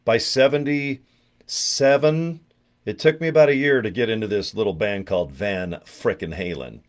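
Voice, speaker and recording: A man's voice: fairly low pitch, normal speed. A man in his fifties from California, telling rambling, joking stories in a casual monologue. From California, USA. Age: 50s. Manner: animated storyteller, chatty and jokey. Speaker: online marketer.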